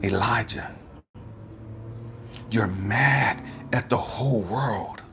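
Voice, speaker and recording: God, as a man puts him on, low voice, hushed, half-whispered, slow, stern, patient. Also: a little hiss or hum, full character voice.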